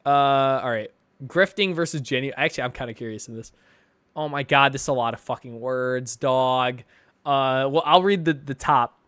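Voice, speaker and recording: A medium-pitched male voice, clean and a bit bright, moves at normal speed with no echo. The young man is casually streaming and reading donations, rambling profanely with frequent laughter and lots of fillers.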